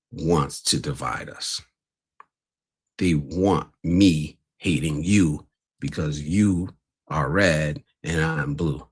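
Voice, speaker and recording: A man's voice: rumbling low, slightly rough. A man hosting a casual livestream, talking bluntly and earnestly to his viewers. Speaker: livestream host.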